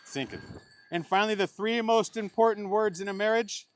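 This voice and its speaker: A man's voice: sits high, moderate pace, no echo. A middle-aged man officiating a wedding as the bride's uncle, mixing playful jokes with heartfelt advice. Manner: joking, playful asides between heartfelt advice. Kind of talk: wedding ceremony speech.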